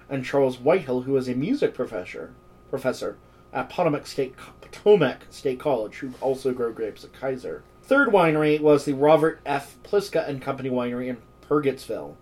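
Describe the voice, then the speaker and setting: Brisk and darkish in tone, a medium-pitched man reads history notes aloud on a low-quality recording. He's a podcast co-host keeping things casual with irreverent, jokey asides.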